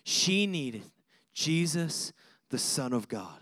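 A male pastor preaching a sermon in an animated, conversational way, with laughter and punchy repeated lists. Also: fairly high pitch, slow, no room sound, clean studio sound.

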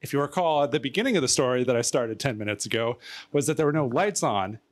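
A man's voice: mid-range voice, lively intonation, fast talker. A man telling a rambling story in casual chat, out of breath, stumbling over fillers and laughing often. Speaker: storyteller guest.

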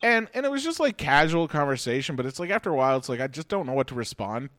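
A man's voice: medium pitch, sing-song, quick pace, fairly bright tone, no echo. Rambling, profane comedian man. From Halifax, Canada. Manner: rambling, profane, self-mocking. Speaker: comedian and podcast host. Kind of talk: casual chat.

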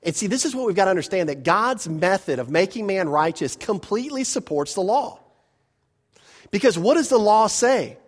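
A man preaching a verse-by-verse sermon as pastor, talking conversationally with rhetorical questions and quick self-corrections. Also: sits high. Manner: grows animated when telling a personal story.

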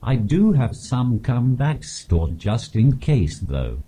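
A man speaking through a text-to-speech device with a monotone, posh English voice, delivering dry punchlines in an interview. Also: mid-range voice, takes it slowly, husky. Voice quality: monotone synthetic voice. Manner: flat, no emphasis, dry punchlines. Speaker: comedian guest. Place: live stage at a comedy festival.

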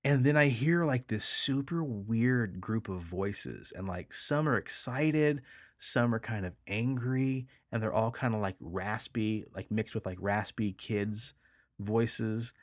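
Male podcast host, lower register, close dry sound, loose filler-heavy storyteller who swears casually. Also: takes it slowly, no echo.

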